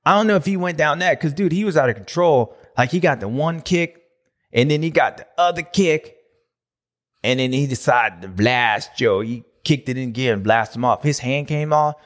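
A man hosting a motocross recap show, talking in a loose, slangy, animated way with loud bursts and low asides. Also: moderate pace. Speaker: motocross podcast host. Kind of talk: casual race recap commentary.

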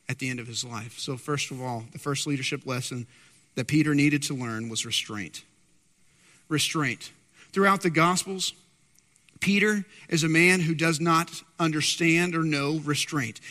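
A man preaching a sermon with emphatic storytelling and repeated key words. His voice is high and bright, and it carries a long hall reverb.

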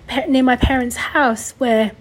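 A young woman tells her own story on her podcast, her voice a little high and breathy. She sounds tearful, sighing often and rambling, with many restarts and corrections. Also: fairly even intonation, measured pace, poor audio. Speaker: podcast host. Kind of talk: personal storytelling.

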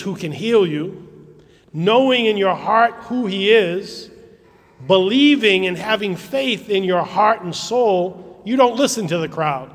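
Slow-spoken priest in a reverberant church. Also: male voice, sits high. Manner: slow, gentle storytelling, asking the children questions. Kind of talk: children's sermon.

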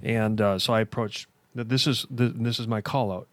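A man's voice: fairly low pitch, fairly even intonation, normal speed, no echo. A man hosting a podcast who works as a construction contractor, talking in an enthusiastic, rambling way. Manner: enthusiastic, rambling, with many restarts. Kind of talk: casual podcast chat.

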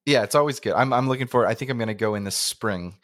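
A man's voice: mid-range voice, fast talker, a bit bright, no room sound, studio quality. A man from Canada hosting a podcast, asking questions in a rambling, self-interrupting way. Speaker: podcast host. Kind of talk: casual interview chat.

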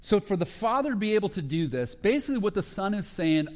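A man preaching a sermon, retelling parables in short phrases with fillers and restarts and growing excited at the high points. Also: fast talker. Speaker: pastor.

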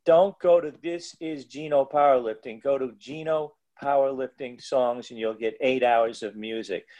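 A man's voice: medium pitch, moderate pace, warm tone, muffled recording. A man who plays the music at powerlifting meets, telling rambling, digressive stories in a casual podcast chat with many restarts.

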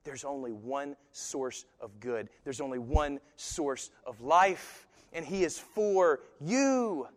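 A man preaching in a church, swinging from soft asides to loud, emphatic lines. His voice is mid-pitched and sits in a long, ringing hall reverb. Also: measured pace, few pauses. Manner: animated, swinging from soft to loud with voice-acted quotes. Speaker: pastor. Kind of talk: sermon.

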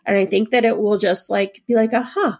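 A woman's voice: medium pitch, fairly even intonation, fairly quick, vocal fry, a little mellow, lo-fi sound. A woman co-hosting a casual podcast with a sick voice. She rambles along and fills her talk with "like". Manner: rambling, filler-heavy, lots of "like". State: sick, hoarse voice. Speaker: podcast co-host.

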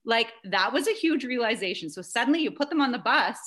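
A woman in her thirties tells a story as a podcast guest, lively and quick to swear. Her voice is bright and edgy and sits a bit high. She leans hard on "like" as she talks. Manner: lively, heavy use of "like", swears casually. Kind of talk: casual chat and animated storytelling.

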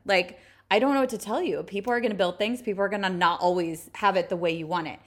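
A woman co-hosting a podcast, telling everyday stories with lots of "like" and animated retelling. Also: medium pitch, quick pace, few pauses. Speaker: podcast co-host. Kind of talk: casual storytelling chat.

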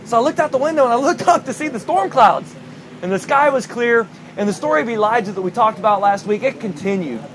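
High-voiced pastor telling a story. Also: male voice, expressive, quick pace, slight background noise. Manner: storytelling, emphatic, rising to near-shouting when recounting anger. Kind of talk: sermon.

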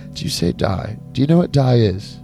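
A man voicing a seductive male devil who flatters and coaxes in hushed tones, in whispered role-play. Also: mid-range voice, moderate pace, gravelly, over music.

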